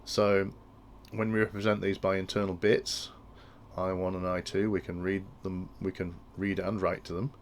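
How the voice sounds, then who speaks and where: Male tutor, deep gravelly voice, restarts sentences as he thinks aloud, faint background noise. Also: level tone, normal speed. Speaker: instructor explaining industrial control. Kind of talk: technical tutorial walkthrough.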